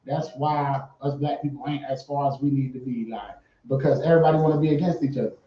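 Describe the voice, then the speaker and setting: A man's voice: mid-range voice, fairly even intonation, fast. A man speaking emphatically and casually as a guest in an interview, swearing freely. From Fayetteville, born in Savannah, Georgia. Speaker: guest artist. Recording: roomy, distant, dull lo-fi sound.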